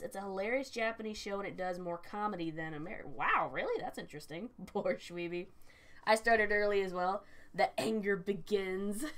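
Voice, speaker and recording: A woman's voice: medium pitch, a bit bright. A young adult woman chatting casually on a live stream, telling stories animatedly, swearing freely and answering chat.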